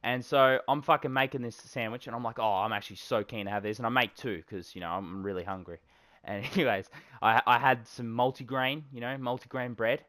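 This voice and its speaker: A young man tells a long rambling story, swearing constantly and drifting between low mumbles and louder outbursts. His pitch sits in an ordinary middle range. The sound is dry and close, with no room around it. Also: a little fast, no room sound. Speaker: podcast co-host. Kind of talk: casual chat.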